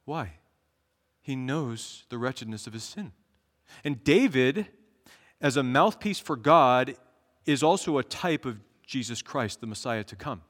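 A man preaching a sermon as pastor, earnestly reading scripture aloud and slowing down for each verse. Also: medium pitch, expressive, a bit bright. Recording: long echo of a large hall.

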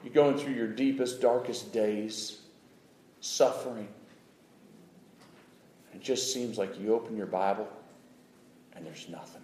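A male pastor preaching a sermon, swinging from loud pleading to a hushed near-whisper. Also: lowish voice, unhurried, pauses often, slight background noise. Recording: roomy echo.

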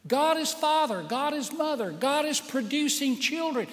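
A pastor preaching a sermon, acting out quotes in a lively, animated way with small laughs. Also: male voice, extremely high pitch, moderate pace, big-room sound.

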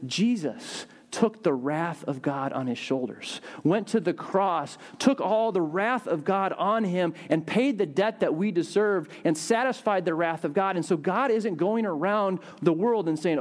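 High-voiced man preaching conversationally. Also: unhurried. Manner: conversational, animated, acts out voices with pitch jumps. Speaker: pastor. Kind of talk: sermon.

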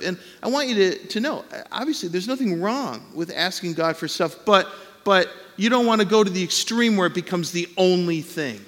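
A man's voice: high-pitched, animated, normal speed, hardly any pauses, a bit bright, long reverb tail. A man preaching a sermon as pastor in a conversational way, acting out the voices he quotes.

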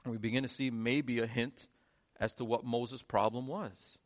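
A male pastor preaching a sermon, shifting between quiet, low lines and emphatic, rising ones. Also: steady tone, normal speed.

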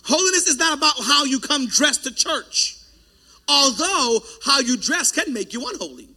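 A man preaching a sermon as pastor, loud and forceful, breaking off for joking asides to the congregation. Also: very high voice, animated, measured pace.

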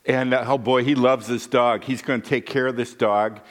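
A man's voice: mid-range voice, steady tone, moderate pace. A middle-aged male pastor preaching a sermon in a folksy, conversational way, telling stories and checking in with his listeners. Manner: folksy, conversational, with frequent "right?" asides. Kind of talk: sermon with storytelling.

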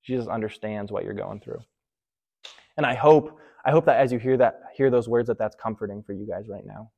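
A man's voice: on the low side, a little fast, darkish tone. A man preaching a casual youth sermon, talking straight to his listeners as "you guys" and checking in with "okay?" after nearly every point. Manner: conversational, keeps checking in with "okay?".

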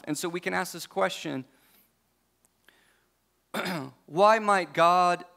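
A man's voice: sits high, vocal fry, a bit bright. A man preaching a sermon as pastor in a conversational way, with joking asides and frequent self-corrections. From United States.

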